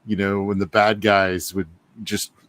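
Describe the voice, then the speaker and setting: A man's voice: fairly low pitch, level tone, unhurried, a bit bright. A man co-hosting a casual comic book chat, laid-back and fond of saying "man". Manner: laid-back, says "man" a lot, laughs often. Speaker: podcast co-host.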